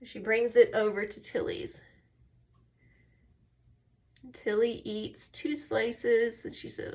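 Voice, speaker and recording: A woman's voice: fairly high pitch, flat delivery, slow, long pauses, darkish tone. Lady vlogger doing her makeup and chatting, takes her time, wanders off on stories then back to the brushes. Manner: chatty storyteller, drifts between tangents; step-by-step tutorial talk. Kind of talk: casual chat while doing makeup.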